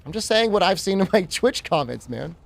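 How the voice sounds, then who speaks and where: Animated man chatting on a stream. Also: sits high, brisk, gravelly. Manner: rambling, joking, talks to chat while playing. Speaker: game streamer. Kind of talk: casual live-stream chat.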